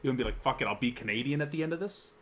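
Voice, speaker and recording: Fast-talking, profane young man. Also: mid-range voice, a little hiss or hum. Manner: rambling, profane, quick-talking. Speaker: talk show co-host. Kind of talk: casual chat.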